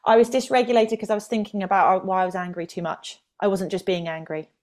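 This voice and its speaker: A woman's voice: medium pitch, fairly even intonation, fast talker, darkish tone. A woman co-hosting a casual podcast, chatty and self-deprecating as she tells stories. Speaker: podcast co-host.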